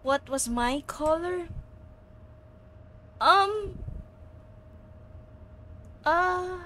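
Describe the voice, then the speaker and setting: A woman's voice: very high voice, lively intonation, very slow, bright, forceful tone, a little hiss or hum. A young woman streaming a horror game live, jittery and swearing, pleading with the game and screaming when scared.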